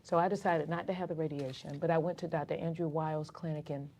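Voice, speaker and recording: Speaking fast in a low-pitched voice, an Atlanta woman recounts her life as a community activist in an informal interview. She animatedly voices the other people in her story, and a little hiss or hum runs under the recording.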